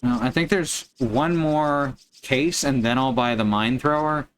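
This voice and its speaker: A man chatting casually over his gameplay, dropping wry jokes as he goes, his voice at an everyday middle pitch. A faint background noise sits under his voice. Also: a little slow. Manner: wry, joking asides. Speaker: streamer.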